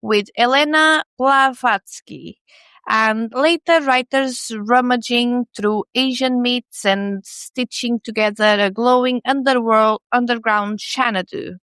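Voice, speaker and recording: A woman's voice: fairly high pitch, steady tone, takes it slowly, fairly bright tone, clean tone, no room sound. A woman co-hosting a podcast, narrating in a scripted comedic style with wry, sarcastic asides. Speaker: podcast co-host.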